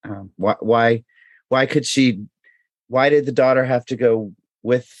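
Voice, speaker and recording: A man's voice: mid-range voice, a little slow, no room sound, dull audio. A man chatting as a podcast guest, earnest and questioning, often restarting his sentences. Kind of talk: casual podcast chat.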